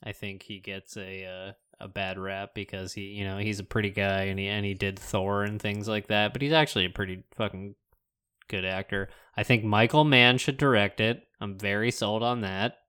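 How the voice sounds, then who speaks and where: A man's voice: on the low side, steady tone, normal speed, pushed and bright, clean tone. A young man co-hosting a podcast in casual chat, enthusiastic and talking himself into his own ideas. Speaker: podcast co-host.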